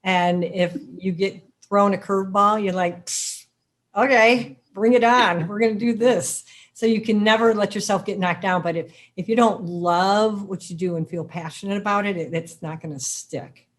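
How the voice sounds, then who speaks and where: A woman's voice: medium pitch, fairly even intonation, normal speed. A middle-aged woman on a business panel, speaking with emphatic, encouraging conviction about running her own business. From Chicago. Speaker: dog daycare owner, panelist. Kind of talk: panel discussion.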